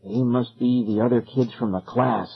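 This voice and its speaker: A man voicing a nervous lost boy who speaks in an anxious, hushed way. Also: mid-range voice, steady tone, normal speed, slightly rough, lo-fi sound.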